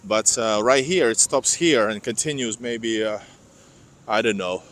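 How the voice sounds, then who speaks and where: Unhurried and a bit bright, a man's lowish voice drifts along as he walks a winter city street on a casual live vlog. He rambles chattily to his viewers, calling them "guys," through a clip-on microphone.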